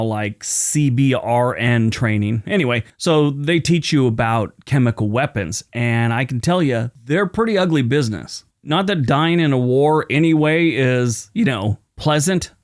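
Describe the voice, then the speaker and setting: A man's voice: mid-range voice, expressive, normal speed, few pauses. A man hosting a casual history show with a slight lisp after dental work, mixing read facts with chatty personal asides. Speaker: host.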